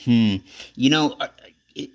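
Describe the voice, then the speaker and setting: Speaking at a measured pace in a creaky, medium-pitched voice, a man hosts a casual talk show. His interview questions ramble, restart and drift, and include some swearing.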